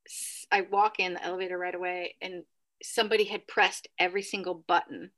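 A woman telling a ghost story in casual chat, full of "like" and "right?", acting out what people said in sudden high bursts. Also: brisk. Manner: animated, acts out quotes with sudden high bursts; many fillers like "like" and "right?". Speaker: podcast guest.

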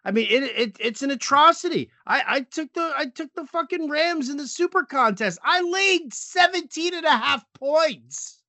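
High, bright-voiced man ranting. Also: animated, moderate pace, hardly any pauses, dry recording. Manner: swearing, exasperated, many restarts. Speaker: sports podcast co-host. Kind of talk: casual sports talk.

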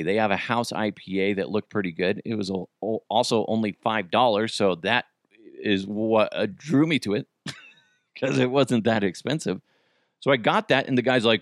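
A man's voice: lowish voice, moderate pace, no echo, clean studio sound. A middle-aged man hosting a podcast, telling comedic stories casually, swearing and acting out quotes in raised voices. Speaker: podcast host.

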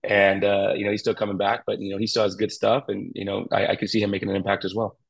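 Man, middle-aged, pitching coach, husky, low-ish voice, rambling guest. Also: little pitch movement, fast talker, poor audio. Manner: rambling, many fillers and restarts. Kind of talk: casual interview talk.

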